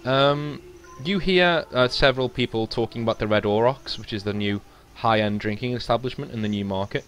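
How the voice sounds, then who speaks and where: A man's voice: medium pitch, a little fast, fairly bright tone, soft background music. A man narrating as game master, rambling with lots of fillers.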